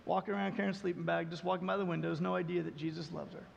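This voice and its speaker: A man's voice: high voice, fairly even intonation, rapid-fire, creaky, long reverb tail, dull audio, a little hiss or hum. A man preaching a sermon in a church, emphatic and repetitive. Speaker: pastor.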